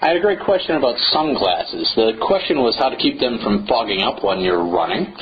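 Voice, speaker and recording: A man's voice: mid-range voice, lively intonation, brisk. A man hosting a running podcast on his own, talking in a playful, theatrical and wordy way, from New England in the United States. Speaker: podcast host. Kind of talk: solo podcast monologue. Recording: slightly dull, faint hiss.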